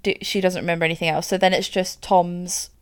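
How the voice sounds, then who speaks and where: A woman's voice: lowish voice, flat delivery, fairly quick, clear, resonant tone. A woman casually recounting a true-crime case as a podcast co-host, chatty, with lots of "like" and "so". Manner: chatty, frequent "like" and "so", laughs easily.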